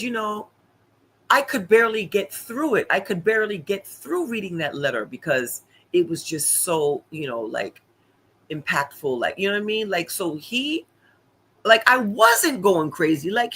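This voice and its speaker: A man recapping events casually on a live stream, chatty and animated, with lots of fillers and asides to viewers. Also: high-pitched, poor audio. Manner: animated, chatty, many fillers and repeated "honey, listen".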